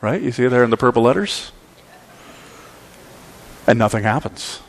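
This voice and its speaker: A man's voice: mid-range voice, expressive, moderate pace, gravelly. A male pastor preaching a sermon, telling a story with emphatic repeats.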